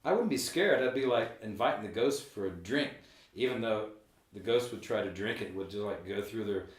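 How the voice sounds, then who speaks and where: A middle-aged man hosting a podcast in a room of an old building, chatting in a rambling, animated way that often trails off. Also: lowish voice, a little fast, far from the mic. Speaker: podcast host. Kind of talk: casual podcast chat. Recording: roomy, from off the mic.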